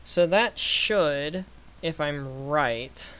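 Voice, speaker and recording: A young man giving casual gameplay commentary, thinking aloud through numbers and getting excited when things work. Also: a little high, extremely slow, clear, resonant tone. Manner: excited bursts. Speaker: gaming youtuber. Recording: faint background noise.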